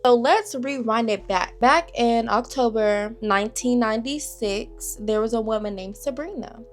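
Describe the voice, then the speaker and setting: A woman's voice: a little high, normal speed, faint music behind. A woman, chatting casually to viewers as she retells a story. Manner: chatty, addresses viewers as y'all and girl. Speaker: storytime creator.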